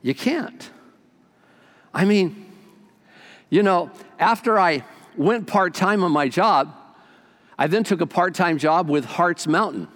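An older male pastor preaches with eager, storytelling energy, his voice sitting a little high for a man. He jumps from loud exclamations down to quiet, hushed lines. The sound rings with a long reverb, as in a large church hall. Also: expressive, takes it slowly, pauses often. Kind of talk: sermon.

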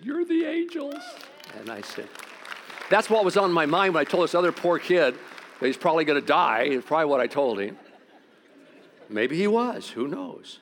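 A middle-aged pastor, preaching a sermon through stories, swinging between loud outbursts and quiet, intense moments. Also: male voice, mid-range voice. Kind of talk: sermon with storytelling.

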